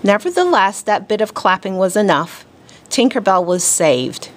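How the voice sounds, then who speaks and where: A woman teacher reading a children's storybook aloud to her class, expressive and deliberate. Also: medium pitch.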